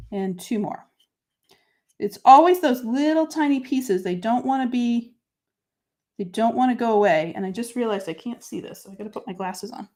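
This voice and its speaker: A woman's voice: on the high side, dark tone. Chatty woman demonstrating a craft live. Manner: chatty and self-deprecating, narrating each step while working; answers viewer comments by name. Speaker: host of a live papercrafting stream.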